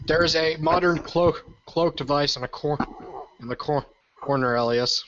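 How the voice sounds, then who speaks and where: A man running a tabletop game describes the scene, stumbling and repeating words as he goes. Clear background noise and a dull, lo-fi sound sit under his voice. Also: a little high, unhurried.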